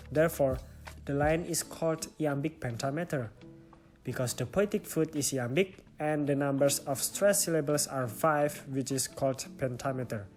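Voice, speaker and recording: A young Indonesian-accented student reads a class presentation on stylistics, working through the lesson step by step. His voice is mid-range with a darkish tone.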